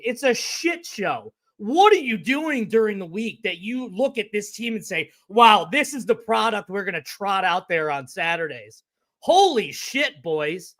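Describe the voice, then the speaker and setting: A man's voice: very high-pitched, fairly bright tone. A man co-hosting a sports podcast, delivering an exasperated, profane rant. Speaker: podcast co-host.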